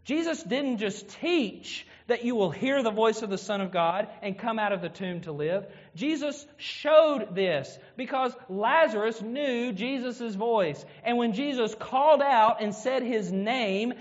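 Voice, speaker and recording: A man's voice: very high-pitched, animated, a little slow, few pauses. A man preaching a sermon, retelling a scripture story and acting out its quotes. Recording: dull sound with long hall reverb.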